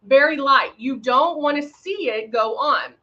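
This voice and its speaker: A woman with a high voice speaks a little slowly while hosting a live makeup demonstration. She chats with viewers and greets them by name between steps, with frequent fillers, and the livestream audio is slightly dull.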